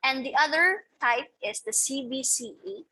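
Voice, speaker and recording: A young woman teacher explains slides in a recorded lecture step by step, methodically marking each point with "okay" and "so." Her high voice is bright and forceful at a normal speed, on a low-quality recording with a little hiss or hum.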